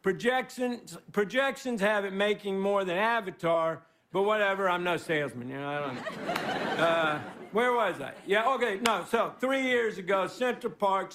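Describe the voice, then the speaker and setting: Guest hosting on a live TV stage, a man with a high, fairly bright voice rambles through a self-deprecating stand-up monologue. The studio audience laughs throughout, and crowd noise comes through in the recording.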